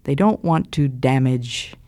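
An animated storyteller reading a children's tale aloud and then talking over its lesson. The delivery is warm-paced and questioning, with a pitch that swoops high and low for emphasis. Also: a little slow.

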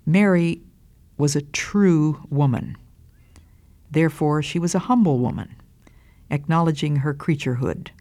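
An older woman giving a Christian devotional talk in a slow, deliberate, earnest way. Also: low-pitched, warm tone. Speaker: Christian speaker.

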